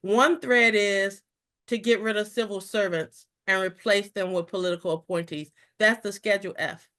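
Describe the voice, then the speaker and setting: A middle-aged woman leading a live discussion as the president of a federal employee group, talking fast and excitedly and tripping over repeated words. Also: mid-range voice. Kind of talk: live online discussion briefing.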